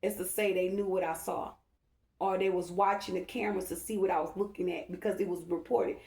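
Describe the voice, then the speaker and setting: A woman's voice: on the low side, steady tone, brisk, gravelly, a little mellow. A woman, a spiritual reader, telling a rambling, emphatic story to her followers and often checking in with "okay?". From Dallas-Fort Worth area, Texas. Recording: echoey room.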